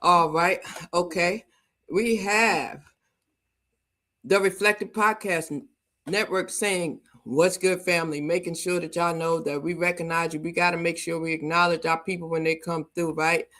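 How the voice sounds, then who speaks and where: Upbeat woman host with a bright voice. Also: lowish voice, a little slow. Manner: energetic, hyping the audience. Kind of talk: livestream talk show hosting.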